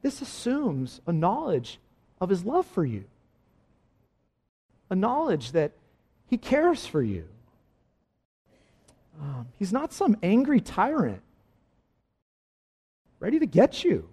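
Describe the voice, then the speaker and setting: Emphatic, high-voiced male preacher. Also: wildly swooping pitch, slow, pauses often, breathy edge. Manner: emphatic preaching, swinging between soft asides and loud exclamations. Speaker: pastor. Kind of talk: sermon.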